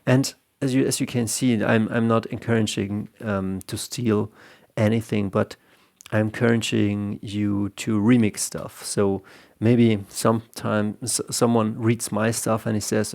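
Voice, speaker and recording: A man talks casually about making comics, drifting from point to point and restarting his sentences. His voice is low and gravelly, with plenty of fry. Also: level tone, slow pace, a little mellow. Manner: loose and rambling, repeating words as he restarts. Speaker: comic artist and teacher. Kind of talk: casual explanatory talk.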